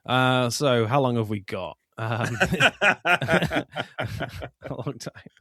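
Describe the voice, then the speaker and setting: Slow, giggly male podcast co-host. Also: medium pitch, steady tone, a bit bright, dry recording, clean studio sound. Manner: giggly, laughs often, acts out film quotes. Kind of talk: casual film chat.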